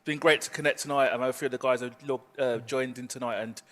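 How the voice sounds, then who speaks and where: A man from a local men's group, chatting in a hesitant, warm way. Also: mid-range voice, steady tone, fast talker, big-room sound. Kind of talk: casual chat.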